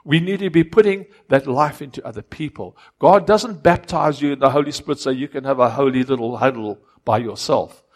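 A man preaching a sermon in an earnest way, often repeating and restarting words and swinging between loud and soft. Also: medium pitch, brisk, few pauses. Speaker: pastor.

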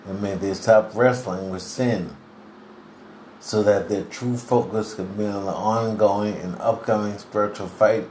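A man giving a devotional sermon in an earnest, deliberate preaching manner, clearing his throat now and then. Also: on the low side, a little mellow. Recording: roomy echo, faint background hiss.

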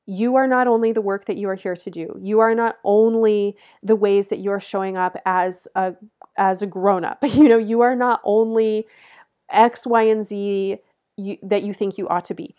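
A woman's voice: mid-range voice, fairly even intonation, normal speed, darkish tone. A woman astrologer giving an astrology forecast, earnest and encouraging, stressing her points with repeated instructions and laughing lightly between phrases.

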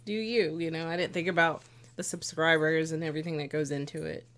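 A woman, the host's wife, talking casually and telling a relaxed story with light teasing. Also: low-pitched, quick pace. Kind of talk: casual chat.

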